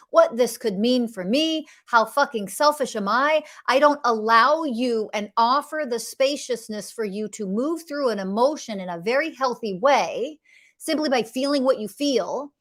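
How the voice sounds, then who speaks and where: A woman's voice: on the high side, animated, unhurried, fairly bright tone. Blunt, emphatic woman podcast host. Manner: blunt, emphatic, swears freely. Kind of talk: monologue on emotional health.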